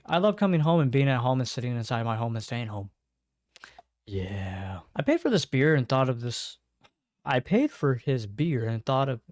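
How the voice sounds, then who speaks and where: A man's voice: medium pitch, a little mellow, dry recording. Laid-back man riffing on memes, dry sound. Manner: laid-back, swears freely, chuckles often. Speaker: meme reaction host. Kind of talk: casual meme reaction commentary. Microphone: own desk microphone.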